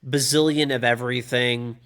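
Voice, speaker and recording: A man's voice: mid-range voice, fairly even intonation, normal speed, fairly bright tone. A man streaming and co-commenting a match, talking in a loose, rambling way, full of "like" and "dude". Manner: rambling, filler-heavy, says "dude" often. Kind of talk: casual stream chat.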